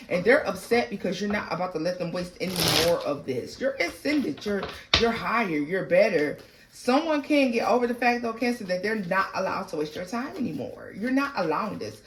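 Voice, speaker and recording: A woman giving a casual tarot reading to her viewers, animated and slangy. She breaks into bits of song and laughs often. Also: mid-range voice, a little hiss or hum. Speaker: tarot reader.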